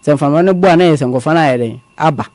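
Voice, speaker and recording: A man, calmly recounting a personal story as a guest in a conversational interview. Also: on the high side, racing, dry recording. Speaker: guest telling his story. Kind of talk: conversational testimony.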